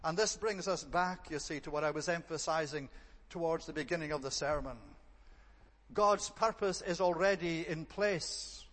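A man with a fairly high, slightly bright voice preaches a sermon at a moderate pace, earnest and emphatic, piling up repeated phrases to hammer his points home. A long reverb from the hall rings around his voice.

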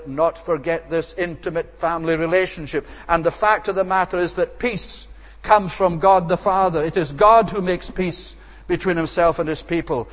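A man delivers an expository sermon and stresses his points with repeated, emphatic phrases. His voice sits a little high for a man. It rings out with a long reverb, as in a church sanctuary. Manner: emphatic, repetitive rhetorical phrasing. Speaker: preacher.

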